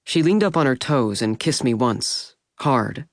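A man narrating a first-person audiobook in a calm, intimate way. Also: mid-range voice, a little slow, dry recording, clean studio sound.

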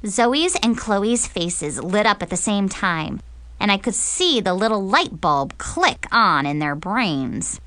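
A woman's voice: mid-range voice, a bit bright, clean tone, dry recording. A woman narrating a teen diary audiobook in the first person, sarcastic and dramatic.

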